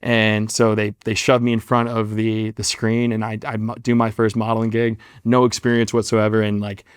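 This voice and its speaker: A man's voice: fairly low pitch, completely flat delivery, moderate pace, clean tone, dry recording, clean studio sound. A man in his twenties, a guest actor, telling a long story in a casual interview, rambling and self-deprecating with many fillers and restarts.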